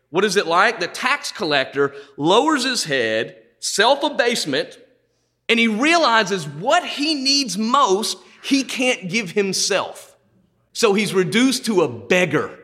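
A male pastor preaching a sermon, swinging dramatically in pitch and loudness and acting out quoted speech in his own voice.

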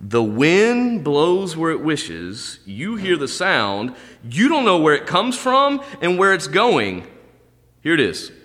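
A man preaching a sermon as a pastor, his voice jumping up on emphasis and dropping low on quiet asides. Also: slow. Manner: animated preaching, pitch jumping high on emphasis. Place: church sanctuary. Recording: long hall reverb.

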